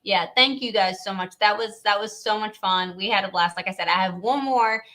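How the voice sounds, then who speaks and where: A woman's voice: medium pitch, moderate pace, pushed and bright. A woman from Louisiana, hosting a casual live stream and chatting in a rambling way, laughing often.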